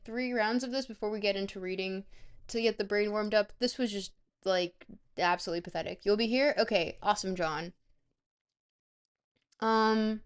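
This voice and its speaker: A woman's voice: mid-range voice, clear, resonant tone. A woman hosting a casual livestream, rambling and joking as she talks directly to her chat viewers. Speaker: livestream host.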